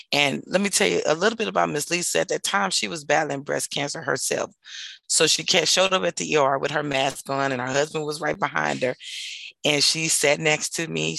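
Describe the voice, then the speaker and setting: A woman's voice: sits low, creaky, fairly bright tone, dry recording. A middle-aged woman earnestly telling a personal story in a group discussion. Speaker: discussion participant. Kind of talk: personal testimony.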